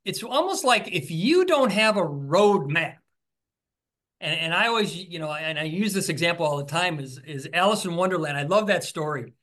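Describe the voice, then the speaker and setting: A man's voice: on the high side, expressive, moderate pace, a bit bright. A man, an author being interviewed, talking enthusiastically and telling stories, often restarting his sentences. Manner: enthusiastic, storytelling, frequent restarts. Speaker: author and podcast host, interview guest. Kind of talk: conversational interview.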